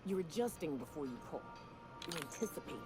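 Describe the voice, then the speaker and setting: A woman's voice: deep voice, animated, fast talker, over music. A woman voicing a tough gunslinger in a video game, coaching a nervous shooter in a firm way. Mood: instructive.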